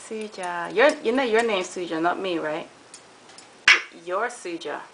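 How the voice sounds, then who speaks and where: A woman's voice: on the low side, a little slow. A woman at home talking baby talk to her pet parrot, cooing and playfully scolding it. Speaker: parrot owner. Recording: noisy home video.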